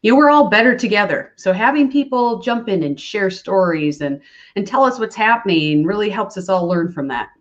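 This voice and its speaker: A woman's voice: mid-range voice, animated, brisk, lo-fi sound. A woman from Minnesota, a guest coach, speaking upbeat in a casual live-stream chat over a video call.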